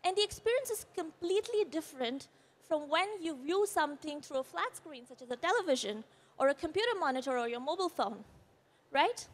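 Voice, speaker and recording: High-voiced woman giving a shaken talk. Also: expressive, fairly quick. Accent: Indian English. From India. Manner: earnest, explanatory, with brief apologies. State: voice quivering, shaken. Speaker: conference speaker. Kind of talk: presentation talk. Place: conference stage.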